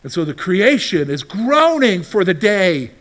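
In a sing-song, unhurried way, this pastor speaks with a high, fairly bright voice. His sermon is conversational: he quizzes the congregation, supplies the answers, and acts out how listeners might respond.

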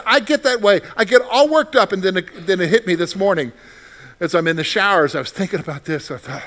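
Pastor, male, high and bright, animated sermon delivery that swings from worked-up to hushed. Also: brisk. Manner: animated preaching, acting out frantic prayers then dropping to soft reassurance.

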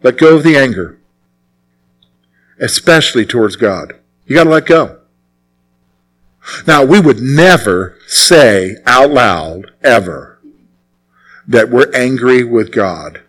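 A man's voice: mid-range voice, lively intonation, takes it slowly, pauses often, a bit bright, poor audio. A man preaching a sermon as pastor, emphatic and repeating his key phrases.

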